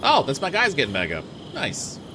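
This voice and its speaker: Chatty, lively young male streamer. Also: fairly high pitch, moderate pace, a little hiss or hum. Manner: chatty, laughs at himself. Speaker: gaming streamer. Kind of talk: let's play commentary. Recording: game sounds behind voice. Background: game sound effects.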